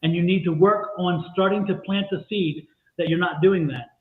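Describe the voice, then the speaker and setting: Emphatic high-voiced male tarot reader. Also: fairly even intonation, normal speed. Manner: emphatic, repeats phrases for stress. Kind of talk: live-stream tarot reading. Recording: echoey phone-like live-stream audio.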